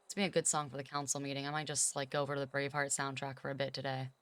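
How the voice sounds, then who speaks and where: A woman's voice: a bass voice, level tone, rapid-fire, a bit bright, clear, resonant tone. A young woman from California, a streamer chatting casually with her viewers, rambling with lots of "like" and getting emphatic when she argues a point. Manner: rambling, heavy use of "like", emphatic when arguing.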